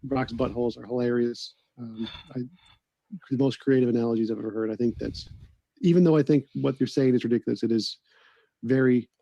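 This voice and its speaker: A man giving measured, complimentary closing remarks to a debate opponent. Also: mid-range voice, steady tone, creaky, warm tone, dry recording, muffled recording.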